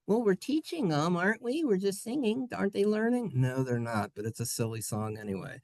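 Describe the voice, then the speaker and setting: A man teaching a Hebrew class, playful and sing-song, sounding out letters and syllables slowly for his students. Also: high voice, sing-song, a little mellow, no room sound. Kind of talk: classroom lesson. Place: synagogue classroom.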